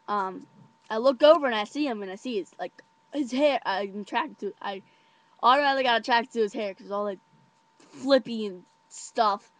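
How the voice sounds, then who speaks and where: A teenage girl telling a story to camera in a casual, chatty way, full of fillers and giggles. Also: fairly high pitch. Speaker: vlogger.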